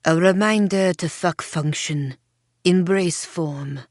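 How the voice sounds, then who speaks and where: A cool, clipped boutique owner voiced by a woman reading an audiobook, a mother whose politeness is icy. She drops in a French word here and there, in a low voice on a dry recording. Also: slow pace, darkish tone, no echo. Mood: dismissive. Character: elegant, cold female shop owner, a mother.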